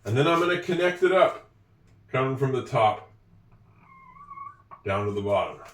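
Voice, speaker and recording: A man's voice: medium pitch, animated, moderate pace, a bit bright, far from the mic. A man giving a patient, step-by-step handwriting lesson, with a few self-deprecating asides. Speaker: teacher. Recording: echoey room, voice a bit off-mic.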